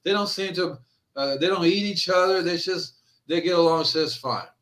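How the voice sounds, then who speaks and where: A man with a bright, keen voice pitched a little high, hosting a gardening chat. He tells lively stories and acts out what his customers said, in an easy, casual flow. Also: moderate pace. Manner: animated storyteller, acts out quotes. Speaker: gardening show host.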